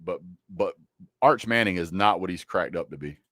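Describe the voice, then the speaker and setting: This is a lower-voiced man, talking casually on a football livestream. He jokes and trash-talks bluntly, and his voice sits close and dry on the mic with no room around it. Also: moderate pace, bright, forceful tone, no echo. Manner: joking, blunt trash talk with a Southern drawl of words. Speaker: sports livestream host.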